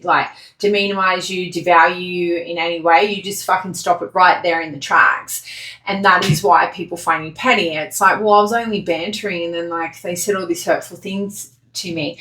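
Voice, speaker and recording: A woman's voice: on the low side, a bit bright. A woman giving a casual pick-a-card tarot reading, talking bluntly and swearing freely. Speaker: tarot reader. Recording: echoey room.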